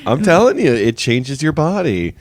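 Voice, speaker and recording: A man co-hosting a podcast in casual chat, joking and animated, his pitch jumping when he gets excited, in his morning voice. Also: normal speed, no echo. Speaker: podcast co-host.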